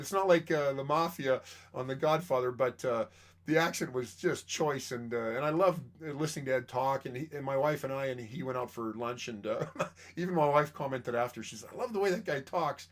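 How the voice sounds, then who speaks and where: A middle-aged Canadian man who works as a chiropractor and sells massage chairs rambles through a casual monologue packed with fillers. His voice sits in the mid-range and moves at a normal speed.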